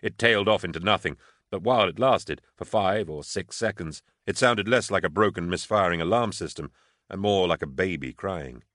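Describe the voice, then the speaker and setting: A man reading a tense military novel aloud in a measured, low-key audiobook narration. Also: a bit bright, no room sound, studio quality.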